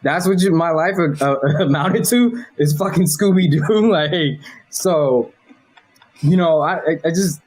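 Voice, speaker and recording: A man from Los Angeles talks as an interview guest, his voice husky and a little breathy. He rambles loosely through his answers, swearing casually and laughing along the way. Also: a little high, unhurried, a little mellow, rough recording. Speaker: guest, animation director.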